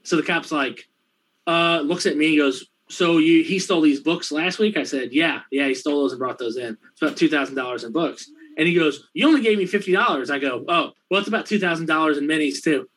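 A man telling a profane anecdote in casual chat, laughing often and acting out the other people's lines in quick, rambling bursts. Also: a little high, a bit bright, low-quality recording. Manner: quick, rambling delivery with fillers. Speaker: storyteller in a conversation.

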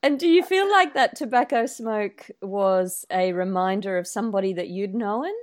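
A woman's voice: mid-range voice, expressive, moderate pace, heavy background noise. A woman interviewing a guest, encouraging her with short reactions and follow-up questions. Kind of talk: interview, casual chat.

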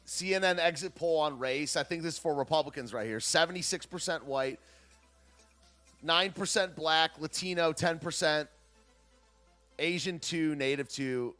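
A man's voice: a little high, normal speed, fairly bright tone, faint music behind. A man hosting a live stream, ranting casually in a sarcastic, wry way and talking to his chat. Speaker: livestream host.

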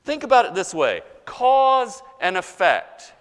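Man, pastor, slow deliberate sermon, lively swinging delivery, long church reverb. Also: high-pitched. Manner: animated preaching, mock-voicing objectors, swinging loud and soft.

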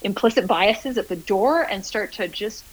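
A Canadian woman who founded an agency is the guest in a casual interview, telling stories earnestly and with real animation. She often restarts sentences and fills gaps with little words. Her mid-pitched voice sounds like a radio broadcast at normal speed, though the audio is poor.

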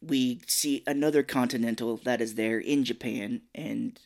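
A man co-hosting a podcast, chatting casually about a film, rambling and animated. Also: mid-range voice, moderate pace, vocal fry. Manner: rambling, animated, does mock voices of film characters. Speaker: podcast co-host. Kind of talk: casual movie review chat.

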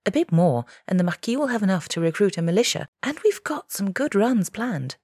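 A woman voicing an impulsive young female smuggler who speaks in an urgent, raised, quick way. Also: mid-range voice, sing-song, darkish tone, slightly rough, dry recording, clean studio sound, pitched above the performer's own voice.

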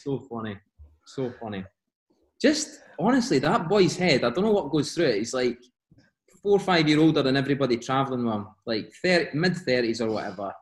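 Scottish man, lively anecdotes, laughs a lot, medium pitch, echoey space. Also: brisk. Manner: animated, laughing often, quotes teammates in voices. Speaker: podcast guest. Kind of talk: casual storytelling.

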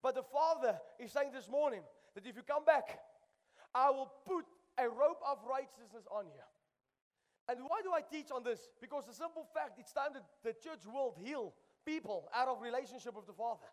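A pastor with a notably high voice delivers an impassioned sermon, hammering key phrases again and again. His words carry a long reverb from the church sanctuary. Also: expressive, normal speed. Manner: impassioned preaching, repeats phrases for emphasis.

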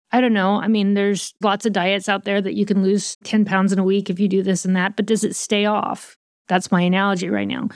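A woman's voice: medium pitch, no echo, clean studio sound. A woman co-hosting a podcast in casual talk, reflective and searching, with frequent fillers like "I guess" and "like". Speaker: podcast co-host.

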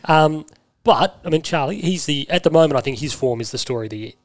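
A man's voice: on the high side, lively intonation, quick pace, no echo. An Australian man co-hosting a sports podcast, teasing his mates and reeling off stats. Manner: teasing, sarcastic, rattles off stats. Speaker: podcast co-host. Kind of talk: casual sports chat.

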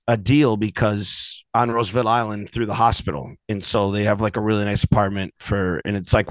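A man's voice: lowish voice, no room sound, low-quality recording. A man co-hosting a podcast, telling long casual stories with lots of restarts and asides. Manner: rambling storyteller, many restarts. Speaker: podcast co-host. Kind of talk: casual chat.

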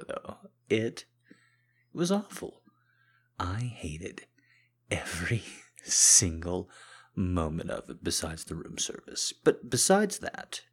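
A man in a whispered role-play, speaking softly and teasingly to the listener as a partner back from a trip. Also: low-pitched, breathy edge. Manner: soft-spoken, teasing and affectionate.

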